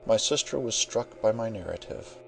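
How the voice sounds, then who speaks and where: A male narrator reads a classic novel in a measured, formal storytelling manner. His voice sits low, with a gravelly texture. Faint music plays under the reading. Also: animated. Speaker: audiobook narrator.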